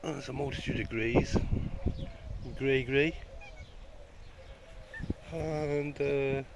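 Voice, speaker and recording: Slow-talking man coaxing his cats. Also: mid-range voice, fairly even intonation, gravelly, background noise. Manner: coaxing and affectionate toward the cats. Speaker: cat rescuer filming his cats. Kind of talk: casual talk to animals.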